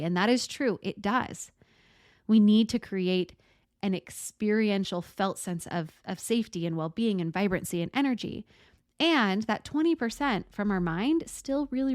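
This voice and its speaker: A woman hosting a solo podcast, talking in a gentle, thoughtful, reflective way and slowing down to stress words. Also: medium pitch, no echo, studio quality. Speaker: podcast host.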